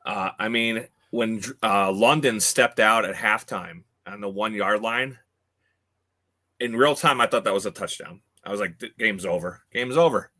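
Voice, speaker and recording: A man co-hosting a sports podcast, talking casually with many pauses and fillers. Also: fairly low pitch, sharp tone. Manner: hesitant, lots of uh and um. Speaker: podcast co-host.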